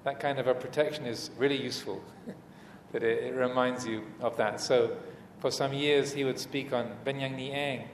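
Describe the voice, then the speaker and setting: A man teaching as a Buddhist monk in a dharma talk, speaking hesitantly with many fillers and restarts and gentle humor. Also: medium pitch, steady tone, normal speed, few pauses. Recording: echoey hall, faint room noise.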